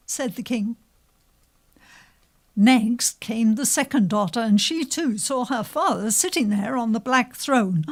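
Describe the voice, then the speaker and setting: A woman telling a folk tale aloud to an adult audience, slow and expressive. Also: fairly high pitch. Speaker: storyteller. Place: live storytelling venue.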